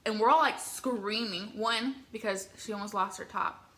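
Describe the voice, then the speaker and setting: A young woman from the Midwest telling an excitable, rambling story with many filler words while eating on camera. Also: medium pitch, normal speed. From American Midwest. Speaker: vlogger.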